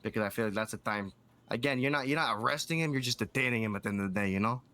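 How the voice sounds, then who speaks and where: Bright-voiced man rambling in character. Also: mid-range voice, very fast. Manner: rambling, fills with "you know". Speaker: roleplayer as a bounty hunter. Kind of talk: in-character roleplay chat.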